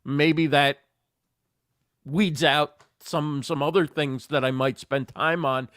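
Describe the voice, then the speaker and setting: A man's voice: a little high, fairly even intonation, takes it slowly, fairly bright tone, dry recording, clean studio sound. A man appearing as a guest on a podcast, thinking aloud in a casual, hesitant way with frequent laughs. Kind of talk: casual chat.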